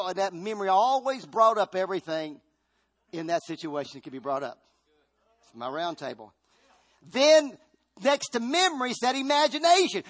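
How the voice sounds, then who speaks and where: A pastor preaching a storytelling sermon in a fairly high male voice. He repeats his phrases for effect and swings between lively bursts and quiet, hushed stretches. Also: moderate pace. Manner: repetitive, storytelling, rising and falling intensity.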